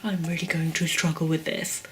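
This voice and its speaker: A woman's voice: deep voice, flat delivery, moderate pace, fairly bright tone, a little hiss or hum. A young woman chatting through a casual taste-test vlog, describing the food as she eats it. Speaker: food vlogger.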